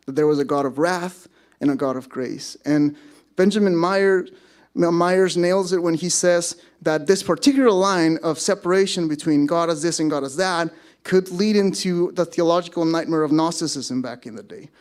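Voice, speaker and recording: A man's voice: a little high, moderate pace, darkish tone. A man preaching a sermon to his congregation, conversational, with self-deprecating asides. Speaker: pastor. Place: church service.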